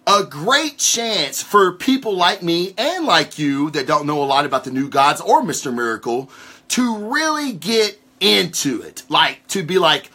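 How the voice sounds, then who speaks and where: A fairly high, bright-voiced man hosts a casual comic review show. His pitch swings widely as he rambles and swears through rants, loose and unscripted. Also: unhurried, breathy edge. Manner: swearing, rambling, animated storytelling. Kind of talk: casual ranting show commentary.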